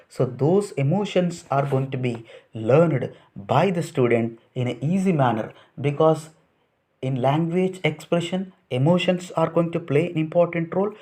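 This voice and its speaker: A man with an Indian English accent, his voice sitting a little high, lectures trainee teachers. He works through his points one at a time, asks himself questions and answers them, and repeats key phrases as he explains. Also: dark tone. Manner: repetitive, list-like explaining with rhetorical questions. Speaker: teacher educator.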